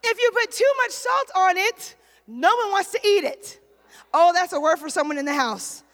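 A woman pastor preaching a sermon in a church, building to shouted, repeated declarations. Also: extremely high pitch, animated, normal speed. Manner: preaching with rising shouts and repetition. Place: church sanctuary. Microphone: handheld microphone. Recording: long hall reverb.

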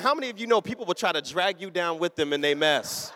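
A man preaching a sermon in a church sanctuary, telling an animated story and calling out to the congregation. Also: high voice, quick pace, in a large hall. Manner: animated storytelling, call-and-response.

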